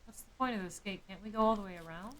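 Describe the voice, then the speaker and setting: A woman's voice: mid-range voice, rapid-fire, a bit bright, a little hiss or hum, low-quality recording. A woman streamer thinking aloud during live game commentary, with musing, jokey asides.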